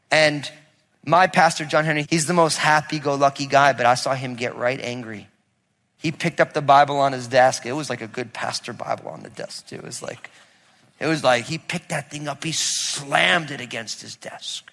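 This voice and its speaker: A male pastor preaching a sermon to a congregation, telling a personal story and building to loud, emphatic preaching. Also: a little high, normal speed. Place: church sanctuary with congregation. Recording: long reverb of a large hall.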